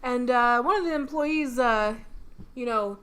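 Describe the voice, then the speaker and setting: A woman's voice: on the high side, a little slow, fairly bright tone, clear, resonant tone. A woman co-hosting a podcast, improvising a comic story in a rambling, playful way. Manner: rambling, playful, many restarts. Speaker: podcast co-host.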